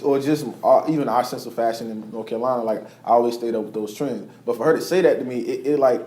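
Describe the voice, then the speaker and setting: A man in his twenties telling a personal story on a discussion panel, animated and acting out the dialogue he recalls. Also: mid-range voice, quick pace, echoey room. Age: 20s. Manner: animated, quotes others in dialogue, laughs while telling. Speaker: panel host.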